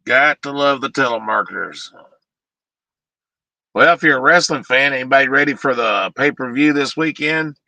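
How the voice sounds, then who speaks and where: Man streaming live, sarcastic and rambling, sharp bright voice, average pitch. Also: moderate pace, creaky, dry recording, rough recording. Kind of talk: casual live-stream chat.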